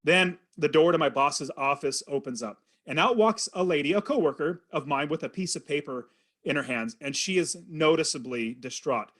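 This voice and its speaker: A man in his forties, a real estate investor, telling a personal story in an earnest, animated way as a podcast guest. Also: fairly high pitch, moderate pace. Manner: earnest, animated storytelling with quoted inner thoughts. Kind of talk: storytelling in an interview.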